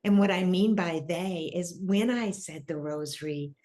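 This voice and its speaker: A woman's voice: on the low side, measured pace, warm tone. A woman guest in an interview, telling a personal story in an earnest, reflective way as she searches for words. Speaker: interview guest, spiritual grief coach.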